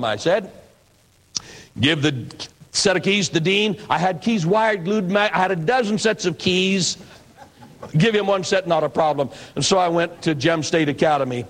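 An older pastor and evangelist from the northwestern United States shares his personal testimony as a folksy sermon, acting out the people in his story. His voice is a little higher than most men's, and the recording quality is low.

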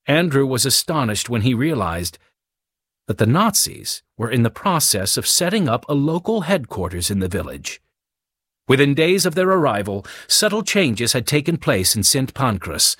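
A male narrator reading an audiobook with clear, expressive storytelling. His pitch moves in a lively way around a middle register, and the studio sound is dry and close. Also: normal speed, dry recording.

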